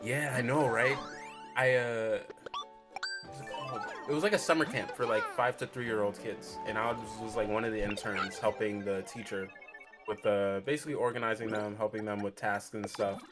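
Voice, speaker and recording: A man's voice: on the low side, fairly even intonation, normal speed. A young man chatting casually and playfully in a group conversation. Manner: chatty, laughs often, playful. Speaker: co-host. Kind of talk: casual chat. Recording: loud music behind. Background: game music.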